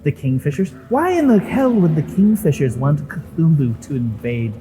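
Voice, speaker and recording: A man's voice: fairly high pitch, big pitch swings, normal speed, mellow, faint music behind, rough recording. A man voicing a scheming female villain who taunts and curses at the heroes she has betrayed, in a tabletop game. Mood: gloating. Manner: taunting, mocking, swears freely.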